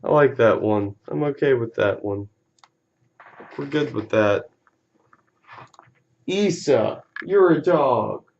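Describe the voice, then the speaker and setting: A man's voice: mid-range voice, animated, slow pace, creaky, long pauses, darkish tone, lo-fi sound. A man casually talking through a card game on a live stream, laid-back and easily amused, with casual swearing.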